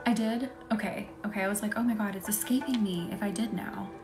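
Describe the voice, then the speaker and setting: Young woman, reiki host on a live stream, chatty and giggly, drifts into whispers, soft music behind. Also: mid-range voice, steady tone, brisk. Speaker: reiki practitioner hosting a live session. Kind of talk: casual live-stream chat with guided energy work.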